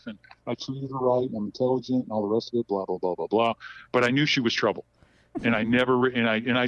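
A middle-aged man appears as a podcast guest, telling long personal stories casually, rambling and restarting often. His mid-range voice has a sharp tone. The sound is dull, dry and lo-fi with no echo.

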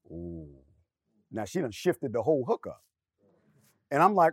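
A man's voice: fairly high pitch, big pitch swings, fairly quick, no echo, studio quality. A middle-aged man on a discussion panel, candidly telling a personal story and acting out what was said. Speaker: panel guest.

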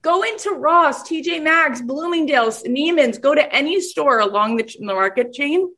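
A woman hosting a podcast, giving energetic coaching talk and acting out voices of the people in her stories. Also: high-pitched, moderate pace. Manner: enthusiastic, acts out quoted voices. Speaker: podcast host and business coach.

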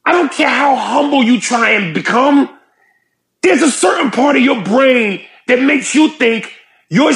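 A man co-hosting a casual podcast, talking in a high, gravelly voice. He swings his pitch around a lot and keeps things loose and animated, often dropping into little impressions. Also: measured pace. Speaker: podcast co-host.

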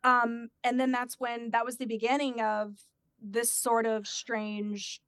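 A woman's voice: fairly high pitch, slow pace, no echo, clean studio sound. A woman telling a personal story in a casual chat and acting out the voices of the people in it. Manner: animated, acts out quoted voices.

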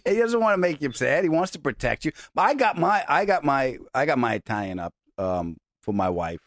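A middle-aged man hosting a podcast in casual chat, laughing often and jumping high when quoting people. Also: big pitch swings, a little fast, dry recording, studio quality. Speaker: podcast host.

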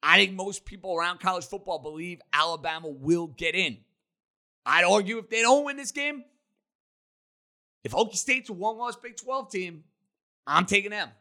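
A man hosting a sports talk show, delivering an opinionated monologue with emphatic, rapid-fire takes. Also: sits high, sharp tone. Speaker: sports radio host.

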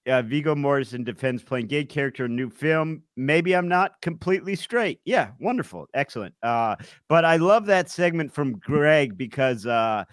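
A man with a fairly high, lively voice co-hosting a casual comedy podcast. He tells stories full of filler uhs and sometimes sinks to a quiet mutter. The recording is dry and close. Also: moderate pace, no echo. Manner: storytelling, many ums and uhs, drops to near-mutter. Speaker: podcast co-host.

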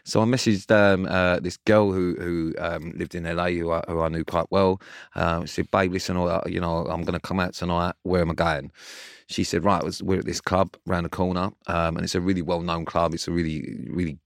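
A man's voice: deep voice, level tone, fairly quick, no room sound. A young man, co-hosting a podcast and telling a story in a dry, sweary way. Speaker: podcast co-host. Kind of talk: casual chat, storytelling.

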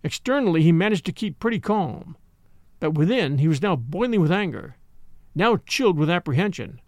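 A man narrating a classic story in an expressive reading, voicing the characters. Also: a little high, normal speed, no room sound, studio quality. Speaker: audiobook narrator.

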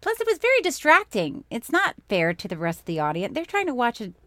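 A woman's voice: a little high, brisk, no echo. A woman co-hosting a casual chat, telling stories with big bursts of laughter. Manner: animated storyteller, loud laughs. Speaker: podcast co-host.

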